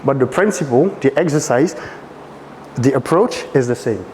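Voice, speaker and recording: French-accented male dance coach, lively workshop teaching, reverberant room. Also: medium pitch, moderate pace, slight background noise. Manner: animated, asks frequent check questions.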